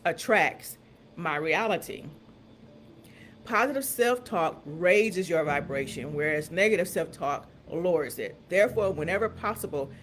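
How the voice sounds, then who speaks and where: Woman host, motivational affirmation talk, emphatic slow repetitions, faint background hum. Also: lowish voice. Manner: emphatic, repeats phrases slowly for emphasis.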